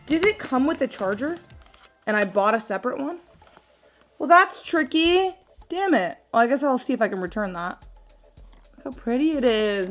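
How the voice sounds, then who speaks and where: A woman's voice: high-pitched, sing-song, normal speed, long pauses, soft background music. Bubbly, chatty young woman vlogger. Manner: chatty, bubbly, says "like" often. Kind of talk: casual vlog chat. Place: at home, then at a gym.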